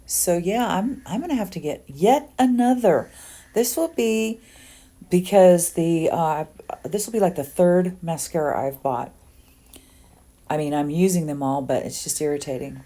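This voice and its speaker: Low, mellow-voiced woman in her sixties. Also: unhurried. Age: 60s. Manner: chatty and rambling, with frequent ums and asides. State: under the weather. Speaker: beauty vlogger. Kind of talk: casual get-ready-with-me makeup tutorial.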